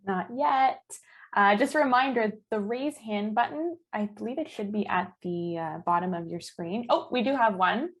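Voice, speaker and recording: A woman's voice: medium pitch, normal speed. A woman moderating a webinar, helpful and matter-of-fact as she brings people in to talk.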